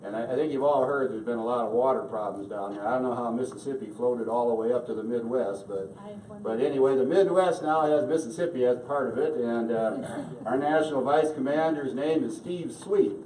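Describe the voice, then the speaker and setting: A man's voice: medium pitch, a little fast, dark tone. A man emceeing a conference in a folksy, joking way, with many fillers. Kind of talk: casual emcee remarks. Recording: echoey hall, distant mic, crowd noise.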